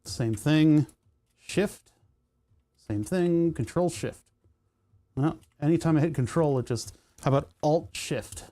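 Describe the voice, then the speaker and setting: A mellow, darker voice belonging to a streamer from Pennsylvania, talking at an even, middling pitch. They chat casually while working at a computer, drifting from one tangent to the next and breaking off their own sentences. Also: slow, long pauses. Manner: rambling, tangent-prone, self-interrupting.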